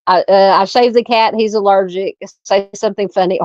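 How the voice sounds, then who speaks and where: A woman's voice: medium pitch, moderate pace, few pauses, a little mellow, no room sound, highs cut off. A woman with a Southern American accent hosting a casual livestream, chatting and reading out viewer comments. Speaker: livestream host. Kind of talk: casual live-chat.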